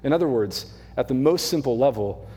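A man's voice: medium pitch, expressive, a little fast, mellow, husky. A young adult man, a mission pastor, preaching a conversational sermon with casual asides. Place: church sanctuary. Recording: church hall reverb.

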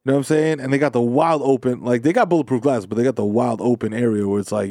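A man co-hosting a casual podcast, telling quick, profane stories and laughing often. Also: medium pitch, mellow, no room sound, studio quality. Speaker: podcast co-host. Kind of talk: casual chat.

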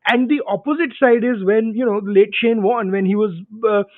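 Guy hosting a podcast, animated ranty chat, highish voice, sounds like a phone line. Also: normal speed, no room sound. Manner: animated, ranting, mixes in Hindi phrases. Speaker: podcast host. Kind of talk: casual panel chat.

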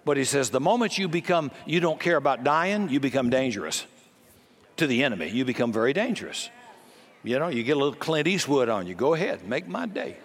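An older male pastor preaches in a folksy, chatty way, dropping quick jokes between scripture. His voice sits at an ordinary middle pitch. A long reverb trails after him through a large church hall. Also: expressive. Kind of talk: sermon.

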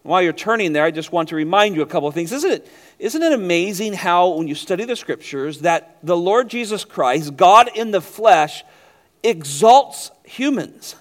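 A man acting as pastor delivers a sermon, swinging from loud, emphatic stretches down to quiet, low passages. He often repeats words when restarting a phrase, and his delivery is animated at a moderate pace.

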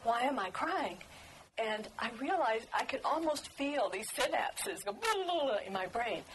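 An older woman, a book author, telling stories at a talk in a lively, laughing way. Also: on the high side, measured pace, a little hiss or hum, poor audio. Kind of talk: storytelling talk.

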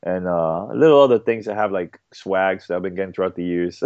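Podcast guest: man with a lowish voice, stop-start and chatty, on dull, dry audio. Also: a little mellow, no room sound. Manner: halting, repeats words, many fillers. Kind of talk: casual interview chat.

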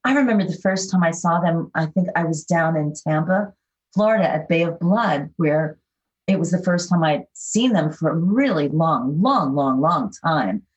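An older actress with a faint New York accent, chatting warmly and enthusiastically as a guest, with lots of fillers. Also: female voice, low voice, lively intonation, normal speed. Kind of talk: casual interview chat. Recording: dull, lo-fi sound.

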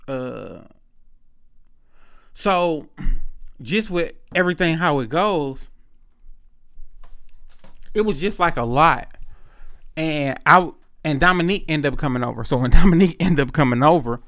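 Profane, animated storytelling man. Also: a little high. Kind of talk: casual storytelling monologue.

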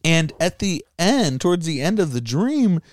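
Male comedy podcast co-host, animated and rambling, dry close mic. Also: fairly high pitch, moderate pace, no room sound. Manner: rambling storyteller, laughs mid-sentence. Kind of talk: casual comedic podcast banter.

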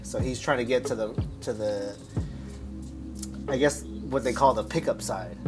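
A man's voice: mid-range voice, a little slow, music in the background. A man telling a story in a casual podcast chat, rambling and cursing with frequent restarts.

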